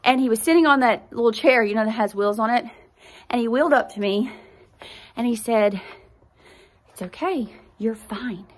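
A woman's voice: on the high side, fairly quick. Earnest woman sharing a personal story. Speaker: podcast host; mother. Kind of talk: personal faith testimony.

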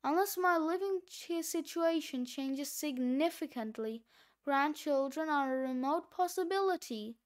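Storybook mouse, male, dry and gloomy, high and unhurried, read by a woman. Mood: deadpan.

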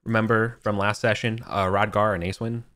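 A man's voice: lowish voice, fairly even intonation, a bit bright. A young man running a tabletop game as game master, talking casually with many fillers and restarts. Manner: casual, halting, lots of fillers.

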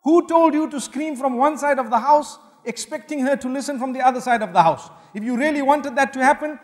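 Guy preaching a sermon, pretty high voice, big hall echo, earnest with jokes, gets loud then quiet. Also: brisk. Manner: earnest, humorous, varies loudness for emphasis. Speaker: Islamic preacher. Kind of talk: sermon lecture. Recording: long hall reverb.

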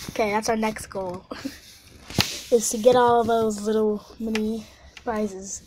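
A woman giving casual commentary over a video game, swinging between quiet mumbling and excited squeals and panicked shouts. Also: a little high, measured pace, pauses often, background noise. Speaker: gameplay video host.

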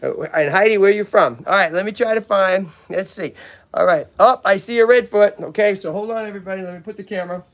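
Excitable Massachusetts man with a gravelly voice. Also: sits high, quick pace. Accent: Boston-area Massachusetts. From Lowell, Massachusetts. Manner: chatty and excitable, addresses viewers and animals. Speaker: tortoise sanctuary host. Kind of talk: casual livestream talk. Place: outdoors at a tortoise yard. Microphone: handheld phone camera, filming himself.

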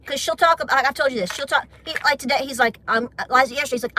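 A woman's voice: high voice, animated, normal speed, long pauses, bright, forceful tone, a little hiss or hum. A middle-aged woman with an Appalachian Southern accent, chatting and giggling casually with viewers on her homestead livestream. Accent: Southern American, Appalachian.

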